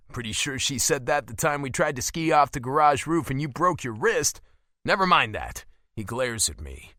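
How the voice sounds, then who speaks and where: A man narrating a first-person romance audiobook in an expressive, emotional delivery. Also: medium pitch, moderate pace, no room sound, studio quality.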